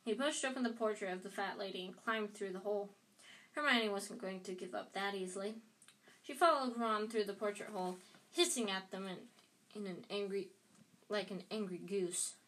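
A woman's voice: mid-range voice, moderate pace, fairly bright tone. A woman reads a novel aloud, often stumbling and restarting phrases. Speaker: reader.

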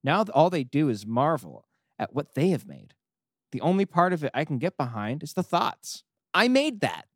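A man's voice: on the high side, very animated, normal speed, no echo, studio quality. A man reading aloud as a self-pitying male God who keeps a diary, in a melodramatic, whiny manner. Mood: mopey.

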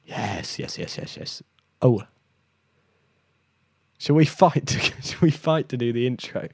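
Bossy comedy podcast co-host, mellow low-key voice, dry close sound, given to hammy announcer bits. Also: male voice, no echo. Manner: playful, bossy, bursts of loud mock-announcer delivery.

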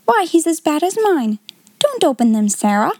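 A woman doing an excitable schoolgirl. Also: high-pitched, normal speed, dry recording, pitched above the performer's own voice. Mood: dismayed.

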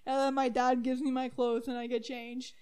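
A young woman telling a funny story in casual chat, animated and laughing, with lots of "like"s and squealing highs. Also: moderate pace, clear, resonant tone. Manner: animated, laughing, squeals when excited, many "like"s. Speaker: storyteller co-host.

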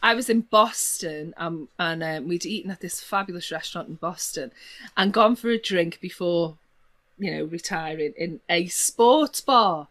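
A woman from Liverpool with a Liverpool accent, telling stories in casual chat, laughing often and swooping up in pitch. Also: moderate pace. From Liverpool, England. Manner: animated storyteller, laughs often, voice swoops high in anecdotes.

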